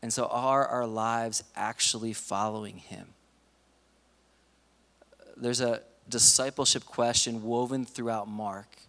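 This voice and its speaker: A man's voice: mid-range voice, fairly bright tone. A man preaching a sermon in a casual, conversational way, acting out the stories he retells. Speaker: pastor. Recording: long reverb of a large hall.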